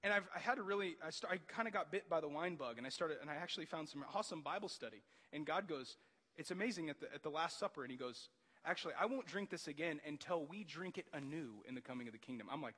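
A man in his thirties preaching a sermon, animated and jokey, often rising into loud excited outbursts. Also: fairly high pitch, fast talker. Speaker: pastor. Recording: long hall reverb.

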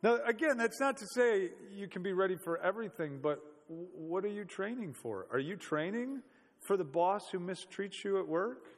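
A man's voice: sits high, animated, moderate pace, in a large hall. A man preaching a sermon in a conversational, storytelling way, full of rhetorical questions.

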